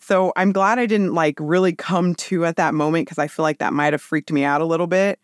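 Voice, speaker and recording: A woman in her thirties telling a personal story in casual chat, with lively, animated quoted voices. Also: low voice, a little fast, no echo, clean studio sound. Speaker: podcast guest.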